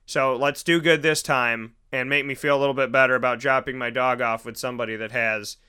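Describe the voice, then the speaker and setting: A man's voice: mid-range voice, steady tone, brisk, sharp tone, clear, resonant tone. A young man hosting a casual monologue, rambling through personal stories and acting out the people in them. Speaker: podcast host.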